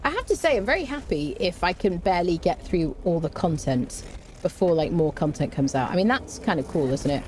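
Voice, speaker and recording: A woman streaming a survival game talks casually with a soft, warm tone over faint background noise. She mutters to herself, hums little tunes between tasks and cracks jokes at the enemies she fights. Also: on the low side, lively intonation, brisk. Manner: chatty, hums and mutters to herself while playing. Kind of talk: casual gameplay commentary.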